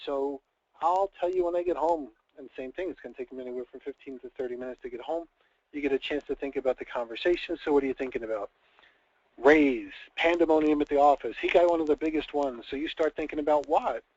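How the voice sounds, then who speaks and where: This sales training call features a man with a medium-pitched, darkish voice talking at a quick pace. A network marketing trainer, he chats casually and acts out scenarios dramatically, and the recording is dull, dry and lo-fi.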